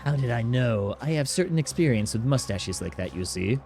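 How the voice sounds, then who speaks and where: Man playing a smug, theatrical bob-omb fortune-teller, deliberate and low. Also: expressive, a little mellow, soft background music, lightly acted. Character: smug bob-omb mustache analyst, male.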